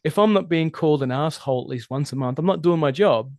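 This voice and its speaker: A man talking as a relationship coach in a podcast interview, animated and emphatic, swearing freely. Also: on the high side, fast, no echo, clean studio sound. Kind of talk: casual interview conversation.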